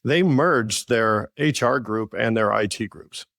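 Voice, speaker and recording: A man's voice: on the low side, slow pace, gravelly, fairly bright tone, no room sound, studio quality. A man co-hosting a business podcast, talking earnestly and telling stories from his work as a leader. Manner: earnest, storytelling with frequent "I think". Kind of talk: casual conversational podcast chat.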